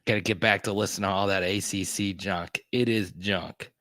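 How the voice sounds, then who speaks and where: A man hosting a casual livestream, chatting with viewers and greeting them by name with bursts of excitement. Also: sits low, normal speed, no echo, studio quality. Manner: excitable, greets chatters loudly, many restarts. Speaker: host.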